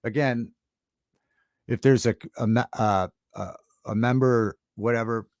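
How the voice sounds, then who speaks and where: Halting, rambling male livestream host. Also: medium pitch, steady tone, dry recording, clean studio sound. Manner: halting and rambling, many fillers and restarts. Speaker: livestream talk show host. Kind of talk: casual livestream chat reading viewer comments. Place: home studio.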